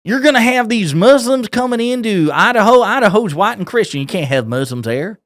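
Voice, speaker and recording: A man voicing a mocking parody of an outraged right-wing woman, shrill and ranting in a rural Kentucky accent. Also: lively intonation, a little fast, fairly bright tone, dry recording, clean studio sound.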